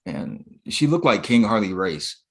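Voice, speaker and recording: A man's voice: fairly low pitch, sing-song, a little slow, fairly bright tone. A man co-hosting a podcast, recapping in laid-back, profane casual chat with plenty of fillers. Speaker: podcast co-host.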